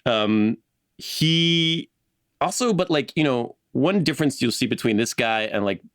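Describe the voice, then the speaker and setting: A man co-hosting a casual podcast, telling a history story in an animated way and laughing often. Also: medium pitch, unhurried, no echo, studio quality.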